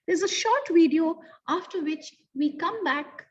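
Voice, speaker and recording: A woman's voice: very high-pitched, lively intonation, a little slow. A woman teaching young children a lesson, talking expressively and asking the listeners questions. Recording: distant, dull mic sound.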